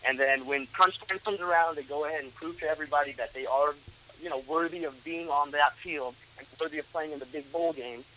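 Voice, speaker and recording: A man's voice: fairly high pitch, brisk, bright, forceful tone, a little hiss or hum, low-quality recording. Hesitant male sports analyst. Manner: hesitant, many fillers and restarts.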